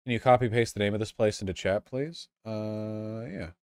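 A man streaming live, chatting casually and excitably with his viewers, swearing freely. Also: on the low side, moderate pace, clean tone, dry recording, studio quality.

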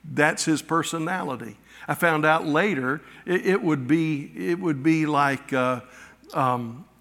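A middle-aged male pastor preaching a sermon, telling personal stories with halting restarts and acted-out quotes. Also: fairly high pitch, vocal fry, fairly bright tone. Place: church sanctuary. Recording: long reverb of a church hall.

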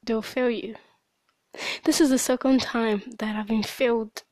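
A woman's voice: a little high, steady tone, measured pace, a little mellow, dry recording. A woman hosting a personal diary podcast, upset and worn out from crying, venting in broken, restarting sentences. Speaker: podcast host and small business owner.

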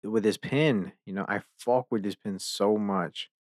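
Young male podcast host, slow-talking, profane and exasperated, dry close sound. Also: lowish voice, no room sound. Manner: profane, ranting, easily exasperated. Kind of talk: casual chat.

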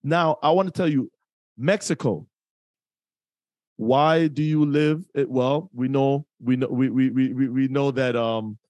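A man's voice: mid-range voice, measured pace, darkish tone, no room sound. A man hosting a podcast who reflects on and sums up his guest's points in a casual, thoughtful way.

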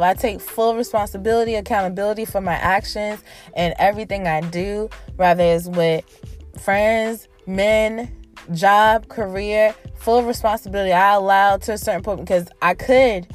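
Woman podcast host, brash and profane, solo talk with faint music behind. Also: mid-range voice. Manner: brash, profane and animated, talking straight to listeners. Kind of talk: casual solo podcast chat.

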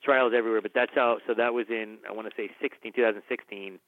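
A man, a film director who is a guest on the show, telling stories in conversation, animated and acting out the people he quotes, with many restarts. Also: lowish voice, fast. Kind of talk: conversational storytelling. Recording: dry, phone-like narrow band.

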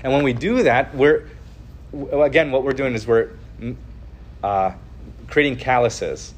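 A man's voice: medium pitch, unhurried, slight background noise. A man hosting a podcast, giving an earnest, casual religious teaching full of fillers and restarts. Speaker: podcast host teaching on the Ten Commandments.

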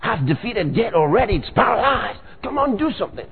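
A man's voice: high voice, sing-song, brisk, gravelly, exaggerated voice. A male preacher voicing God as an urging father figure, recorded with a tinny, phone-like sound. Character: God urging his children, older male, insistent.

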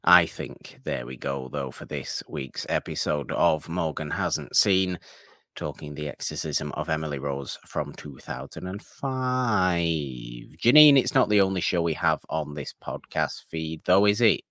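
A man's voice: very deep voice, lively intonation, measured pace, a bit bright, no echo, studio quality. A man co-hosting a podcast in casual chat, wordy and mock-formal, teasing his co-host.

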